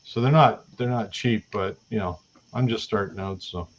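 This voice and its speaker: A man's voice: fairly low pitch, moderate pace, lo-fi sound. A Canadian man chatting casually on a livestream podcast, rambling with many restarts. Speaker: podcast co-host. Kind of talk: casual chat.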